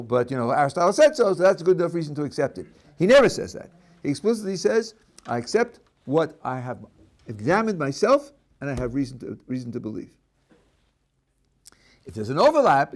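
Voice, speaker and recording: Animated rabbi lecturing on a text. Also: male voice, mid-range voice. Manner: animated, reads a passage aloud then explains it, with many restarts. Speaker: rabbi teaching a class.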